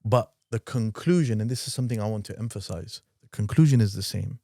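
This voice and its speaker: A man hosting a podcast discussion, speaking in a measured, emphatic way. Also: on the low side, gravelly, warm tone, no room sound, studio quality. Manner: measured, emphatic, backchannels often. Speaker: podcast host.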